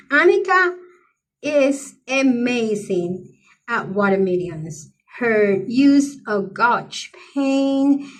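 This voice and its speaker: A middle-aged woman chatting casually to her viewers, gushing with effusive praise for other creators. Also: on the high side. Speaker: coloring channel creator. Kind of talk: casual chat to camera.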